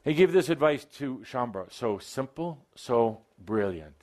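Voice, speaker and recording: A man's voice: medium pitch, lively intonation, unhurried, a little mellow. A man channeling a spiritual teacher to a live audience, speaking with wry, playful asides and sudden emphatic bursts. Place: event hall with live audience.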